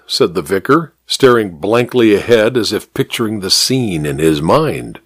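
A man narrating a story in a wry, expressive reading style. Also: lowish voice, moderate pace, few pauses, husky, dry recording.

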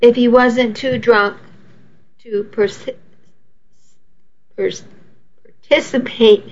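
Brief: woman narrating a novel, slow and intimate, dull lo-fi recording. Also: medium pitch. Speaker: audiobook narrator. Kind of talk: first-person novel narration. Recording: slightly muffled lo-fi audio.

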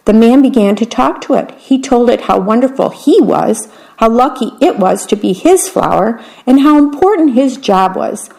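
A woman reading picture books aloud in a gentle, unhurried way, describing the pictures as she goes. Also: on the high side, expressive, creaky, poor audio. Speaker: storyteller.

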